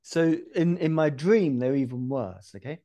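A man hosting a podcast chats casually, telling stories in an animated way and laughing often. His voice is fairly high-pitched, at a moderate pace.

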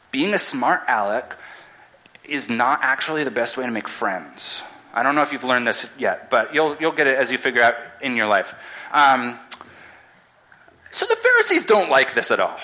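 Guy telling a bible story for laughs, bright voice, dramatic and jokey. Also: medium pitch, rough recording. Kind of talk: casual sermon retelling.

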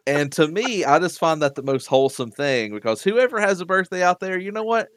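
A man co-hosting a podcast in casual chat, animated and laughing often as he tells stories. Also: fairly high pitch, a little fast, clean tone, no room sound. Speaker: podcast co-host.

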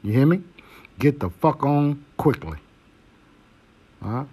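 A man's voice: mid-range voice, expressive, slow, mellow, slightly rough. A man hosting a podcast, giving blunt, preachy advice with heavy cursing. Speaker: podcast host. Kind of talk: profane monologue.

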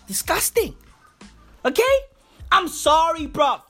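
Ranting high-voiced woman commentator. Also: very animated, takes it slowly, sharp tone, faint music behind. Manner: profane, repetitive, keeps saying bro. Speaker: music commentator.

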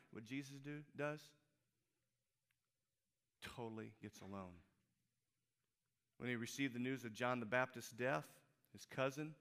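Bright-voiced male pastor preaching. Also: medium pitch. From Peoria, Illinois. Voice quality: animated storytelling, halting restarts. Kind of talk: sermon. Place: church.

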